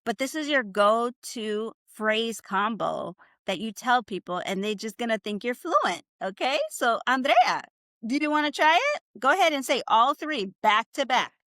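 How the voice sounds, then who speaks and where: A woman, a native Spanish speaker, leads a live online language class over a video call. Her voice sits a little high, and she coaches her students to repeat phrases with upbeat encouragement. The sound is close and dry. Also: expressive, moderate pace, a bit bright, dry recording. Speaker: Spanish teacher.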